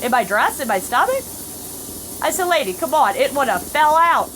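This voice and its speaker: A woman's voice: high voice, big pitch swings, moderate pace, noisy background. A middle-aged woman telling a story in casual chat, acting out other people's lines. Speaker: family vlogger. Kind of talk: casual storytelling while playing a phone game.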